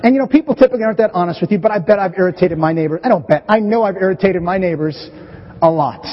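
A middle-aged pastor preaching a conversational, animated sermon to his church. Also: high-pitched, rapid-fire. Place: church sanctuary. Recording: dull, hazy recording with long church reverb.

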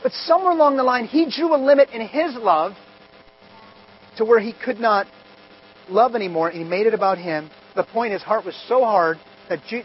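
A man in his forties preaching a sermon, telling personal stories and swinging from soft and low to loud and emphatic. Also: a little fast. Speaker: pastor. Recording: slightly dull audio with faint hum.

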